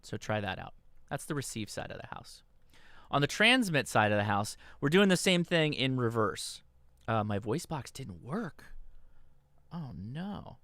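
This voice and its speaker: A man's voice: mid-range voice, sing-song, normal speed, a bit bright, no echo. Man giving a dry, casual radio tutorial. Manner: instructional, checks in with "okay?". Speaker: host. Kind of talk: livestream tutorial. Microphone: desk microphone.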